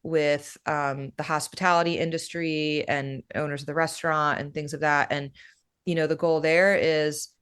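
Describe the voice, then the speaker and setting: With a deep, smooth voice at normal speed, a woman casually walks through her breathwork facilitation practice. Her relaxed explanation is full of "you know" and "right?"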